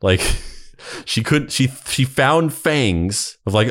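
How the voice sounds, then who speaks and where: A man's voice: mid-range voice, animated, very slow, fairly bright tone. A man co-hosting a comedy podcast, reading a text aloud with wry, cringing commentary and frequent laughter. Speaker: podcast co-host.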